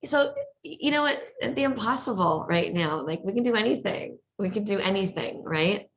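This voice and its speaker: A middle-aged woman chatting as a guest in an interview, energetic, laughing often and repeating words as she talks. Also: medium pitch, moderate pace. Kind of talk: casual interview chat.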